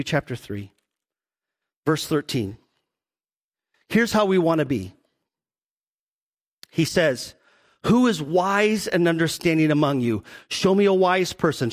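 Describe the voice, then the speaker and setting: Pastor for a sermon: a man, high voice, animated delivery with acted-out asides, long hall reverb. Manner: animated, acts out quoted voices, asks the congregation questions.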